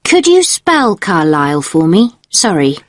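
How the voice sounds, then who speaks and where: A woman's voice: lowish voice, big pitch swings, measured pace, no echo, clean studio sound. A woman playing a polite hotel receptionist in a scripted exam dialogue, using a formal service tone. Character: courteous female hotel receptionist.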